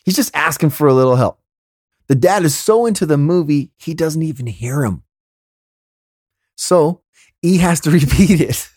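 Brief: lively, exasperated male host storyteller, dry close-mic sound. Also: fairly high pitch, normal speed, long pauses, slightly rough, dry recording. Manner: animated, exasperated, laughing asides. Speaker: podcast host. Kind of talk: comedic storytelling monologue.

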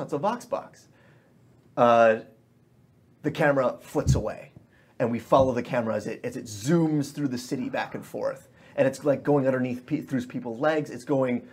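A man's voice: mid-range voice, darkish tone, breathy edge. A man as game master, narrating a tabletop scene like a film, with many fillers.

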